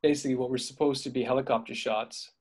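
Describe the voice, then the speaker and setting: A man's voice: medium pitch, steady tone, fast talker, darkish tone, breathy edge. A middle-aged man, a film crew veteran, telling rambling stories in a casual interview, with frequent fillers and laughs. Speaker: veteran dolly grip, guest.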